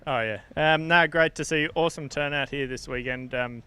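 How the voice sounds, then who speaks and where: Bright, crisp angler. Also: male voice, fairly high pitch, moderate pace. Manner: modest, self-deprecating, laughing. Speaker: angler at a weigh-in.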